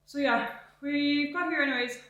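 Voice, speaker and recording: A woman's voice: high voice, fairly even intonation, normal speed, a bit bright, muffled recording. A young woman, a travel vlogger chatting casually to camera in a rented apartment, rambling and wry.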